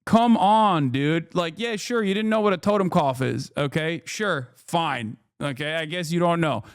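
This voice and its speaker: A man streaming casual commentary, incredulous and profane, with frequent loud exasperated outbursts. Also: fairly high pitch, lively intonation, moderate pace, clear, resonant tone, dry recording, studio quality. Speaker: streamer reacting to news.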